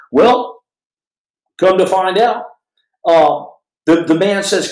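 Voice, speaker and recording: A man's voice: high voice, takes it slowly, pauses often, darkish tone, reverberant, low-quality recording. A man hosting a podcast, telling a story dramatically with asides to his listeners. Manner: dramatic, shifting voice for quoted people, frequent restarts and asides to listeners. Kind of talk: animated spoken storytelling.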